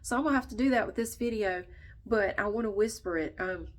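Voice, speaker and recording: A woman's voice: medium pitch, fairly quick. A woman vlogger chatting casually, stuffy and nasal, short of breath, venting bluntly and swearing freely. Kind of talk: casual chat to camera.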